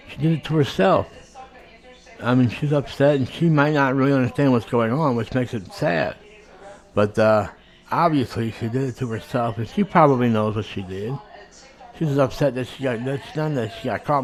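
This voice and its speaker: A man giving casual commentary on a video he is watching, talking conversationally and thinking aloud with hesitant pauses. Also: mid-range voice.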